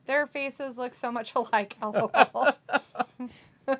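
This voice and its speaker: A woman's voice: fairly high pitch, steady tone, slow. A woman, co-hosting a wrestling watch-along, reading chat messages aloud, teasing and laughing often.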